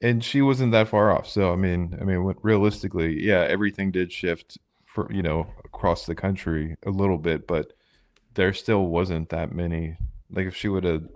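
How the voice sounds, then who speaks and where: A man with a low voice, steady tone, and moderate pace co-hosts a podcast. The talk is casual and rambling, packed with fillers and restarts.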